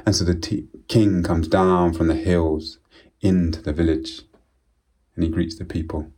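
Guy telling an old folk tale, really slow, husky low voice. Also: level tone, dark tone. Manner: slow, measured and solemn with repetitions. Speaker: storyteller. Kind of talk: oral storytelling of a folk tale.

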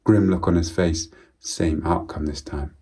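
A man telling a folk tale aloud in a measured, solemn way, often dropping to a quiet voice. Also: sits low, fairly even intonation, breathy edge. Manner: slow, measured and solemn with repetitions. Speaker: storyteller. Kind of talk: oral storytelling of a folk tale.

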